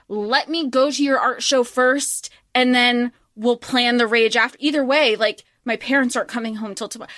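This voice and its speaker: A woman co-hosting a podcast, chatting casually about a movie in an animated, emphatic way with quick asides. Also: fairly high pitch, no room sound, clean studio sound. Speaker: podcast co-host.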